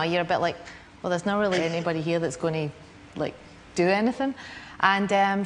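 A Scottish woman telling a lively anecdote as a guest on a chat show. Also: on the low side, a little hiss or hum. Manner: lively storytelling, laughing between lines.

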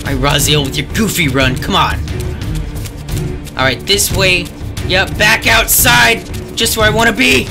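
A man giving gameplay commentary, sarcastic and frustrated, yelling at the game. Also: a little high, sing-song, moderate pace. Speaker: let's play gamer. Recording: game music behind the voice. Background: game music.

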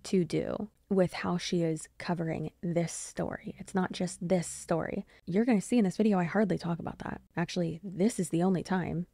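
Gravelly, dark-voiced woman vlogger. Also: lowish voice, fairly even intonation, no room sound. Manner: measured, pointed rebuttal with occasional dry laughs. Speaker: YouTube commentary host. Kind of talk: commentary vlog rebuttal.

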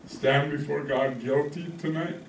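A man's voice: a little high, steady tone, measured pace, vocal fry, a little hiss or hum. Preaching man in an echoey church. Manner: conversational preaching with call-outs to the congregation. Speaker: pastor. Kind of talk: sermon. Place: church hall. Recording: echoey room from a distance.

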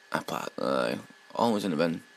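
A man with a Scottish accent giving sweary, excitable let's play commentary as he plays a game. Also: a bass voice, gravelly, slight background noise, poor audio.

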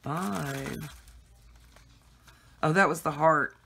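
A woman's voice: low voice, drawn-out words, gravelly, bright, forceful tone, a little hiss or hum. A woman chatting casually and giggling as she unboxes gifts for her viewers at home. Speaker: craft vlogger.

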